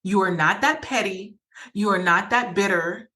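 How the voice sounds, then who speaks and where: A woman's voice: mid-range voice, moderate pace, sharp tone. A woman hosting a podcast, talking earnestly and emphatically, often repeating phrases and acting out quoted thoughts. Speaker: podcast host. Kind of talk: personal advice talk.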